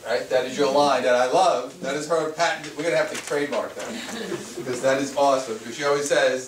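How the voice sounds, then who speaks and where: Speaking fairly fast in a mid-range voice with fairly even intonation, this spiritual teacher addresses a small room of listeners at a workshop, circling back over his points and asking rhetorical questions. The mic sits far off in an echoey space, picking up faint noise.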